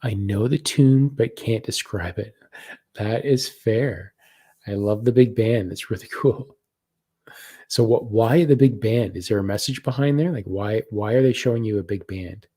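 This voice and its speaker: A man with a low, husky voice guides a live spiritual practice. He talks slowly and softly, pausing as he reads viewer comments and describes what he senses. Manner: slow, soft-spoken, reads viewer comments aloud. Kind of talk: live guided meditation session.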